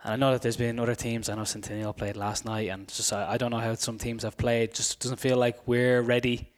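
A man who is a high school soccer coach, talking as a podcast guest, a little raspy from a cold and rambling with restarts. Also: flat delivery, brisk. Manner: rambling, many restarts and fillers.

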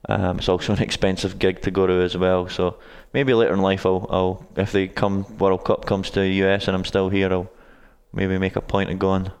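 A man's voice: low-pitched, monotone, normal speed, few pauses, darkish tone, clean tone, big-room sound. A Scottish man in his twenties answers interview questions in a casual, hesitant way, with many ums and restarts. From Scotland. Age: 20s. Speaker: guest, college soccer coach.

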